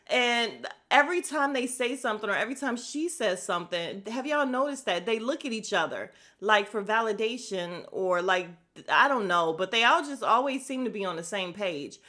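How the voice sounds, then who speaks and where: A woman hosting a podcast, recapping a reality show in a casual, animated and profane way, often laughing, speaking into a podcast microphone. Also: medium pitch, normal speed, few pauses. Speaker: podcast host.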